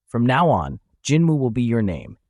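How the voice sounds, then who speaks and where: A man reading the lines of a calm, elderly sect master, steady and authoritative. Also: medium pitch, moderate pace, dry recording, studio quality, natural voice. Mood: solemn.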